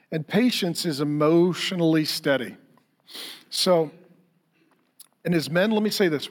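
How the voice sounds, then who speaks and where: A middle-aged male pastor with a notably high voice delivers a sermon. He tells animated, funny stories and keeps turning to the congregation with direct questions. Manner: lively storytelling, acts out quotes for humor.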